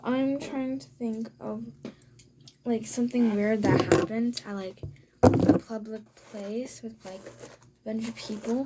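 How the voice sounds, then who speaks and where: In her room, a vlogger rambles through a casual storytime chat, filling it with fillers and sometimes dropping to a whisper. Her voice sits on the high side with a warm tone, and there's slight background noise.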